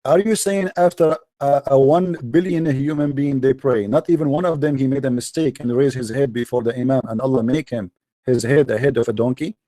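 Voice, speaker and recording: A man's voice: medium pitch, brisk, dark tone, no echo. A man hosting a heated debate, insistent and repeating himself as he talks over the other speaker. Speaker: show host debating a caller.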